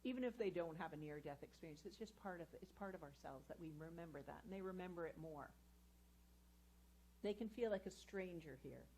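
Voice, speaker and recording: A woman's voice: fairly low pitch, animated, fairly quick, a little mellow, a little hiss or hum. A woman educator giving an earnest inspirational talk to a live audience in a spiritual centre hall, telling personal stories. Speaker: guest speaker and educator.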